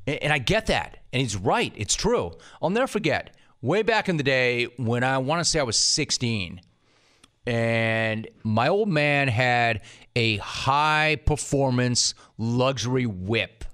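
A middle-aged man hosting a sports radio show, ranting loudly, telling stories and interviewing a guest. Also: medium pitch, lively intonation, takes it slowly. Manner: loud, ranting, storytelling with acted quotes.

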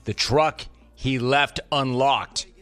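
A man hosting sports talk radio, taking calls with a sarcastic, rapid-fire manner. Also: mid-range voice, fairly bright tone, faint music behind. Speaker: radio show host.

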